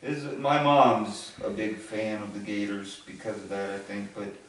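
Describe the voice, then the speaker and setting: A man's voice: lowish voice, a little slow. A man from Ohio telling a rambling anecdote in a casual chat, acting out what other people said. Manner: rambling anecdotes with acted-out quotes. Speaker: show regular answering questions. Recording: very echoey, from far off the mic.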